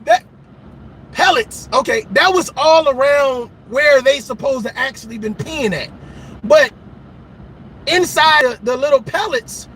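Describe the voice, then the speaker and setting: A man's voice: very high-pitched, a little slow, fairly bright tone, a little hiss or hum, low-quality recording. A man giving dating advice in a casual, profane storytelling monologue, laughing at his own stories.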